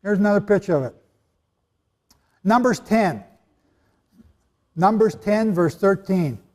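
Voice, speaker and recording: At a measured pace, a darkish-toned man with a high-sitting voice lectures on the Bible to a live audience, sermon-style. The hall is echoey with long reverb, and he stays emphatic, asking rhetorical questions and adding joking asides.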